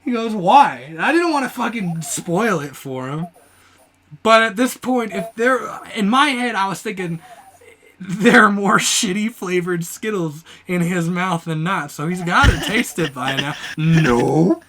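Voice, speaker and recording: A young man hosting a casual podcast, telling an animated story, acting out quotes loudly and laughing often. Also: sits high, unhurried. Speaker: podcast host. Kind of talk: casual chat.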